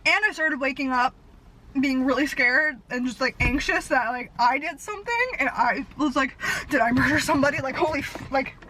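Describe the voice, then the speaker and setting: Bright, high-voiced young woman vlogging. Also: a little hiss or hum, poor audio. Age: 20s. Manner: fast, animated storytelling with frequent "like". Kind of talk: casual rambling chat. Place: parked car.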